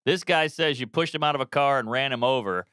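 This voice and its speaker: A man's voice: medium pitch, a bit bright, smooth, no room sound, studio quality, lightly acted. A man acting out a blunt police officer questioning a teenager. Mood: stern. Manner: fast, matter-of-fact.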